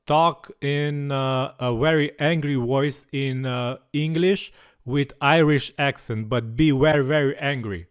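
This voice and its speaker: A man hosting a software tutorial, explaining step by step with frequent fillers. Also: medium pitch, measured pace, clear, resonant tone. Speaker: tutorial channel host.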